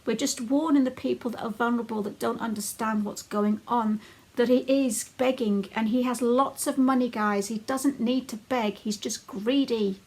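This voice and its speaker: A woman's voice: a little high, steady tone, normal speed, a little mellow, husky. A woman hosting a critical commentary video, talking in an indignant, emphatic warning tone. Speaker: commentary channel host.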